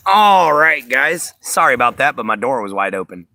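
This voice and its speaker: A man's voice: mid-range voice, very animated, moderate pace, few pauses, sharp tone. A man hosting a casual live stream, rambling to his viewers with lots of fillers. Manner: rambling, filler-heavy, talks to chat. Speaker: livestream host. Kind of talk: casual livestream chat.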